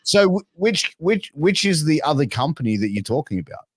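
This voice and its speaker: A man's voice: fairly high pitch, very animated, normal speed, no room sound, studio quality. A man hosting a podcast, laid-back and prodding his guest with questions. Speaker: podcast host. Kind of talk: casual podcast interview.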